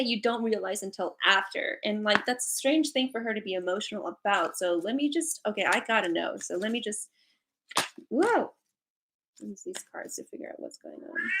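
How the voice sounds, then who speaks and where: A woman with a slightly high, somewhat bright voice reads angel cards on a live stream from home, where her cat is with her. She's chatty and giggly, laughing often and using plenty of fillers, with slight background noise present.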